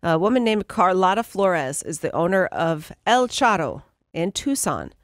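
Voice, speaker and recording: A woman's voice: fairly low pitch, sing-song, a little slow, dry recording, clean studio sound. A woman reading offbeat news stories on a morning radio show in an upbeat way. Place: radio studio. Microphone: studio mic.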